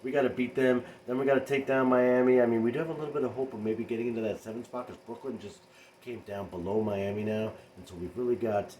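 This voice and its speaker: A man at a mid pitch gives an offhand basketball recap to his viewers. He rambles and jumps from point to point with animated asides. A faint hum sits under his voice. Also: fast talker, low-quality recording. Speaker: sports fan vlogger.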